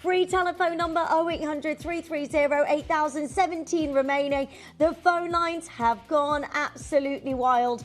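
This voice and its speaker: A woman's voice: sits high, fairly even intonation, moderate pace, hardly any pauses, faint music behind. A woman co-hosting a live shopping channel sale, gushing over the jewellery and counting down the remaining stock. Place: TV studio.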